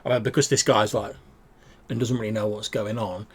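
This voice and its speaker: A man's voice: lowish voice, steady tone, brisk, breathy edge. A man narrating a tabletop game as game master, rambling with many fillers.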